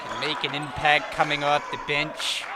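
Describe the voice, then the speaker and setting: A man calling live college basketball play by play, with measured calls that rise into shouts on big plays. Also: a little high, fairly even intonation. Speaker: play-by-play announcer. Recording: loud crowd and arena noise. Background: loud crowd and bouncing ball.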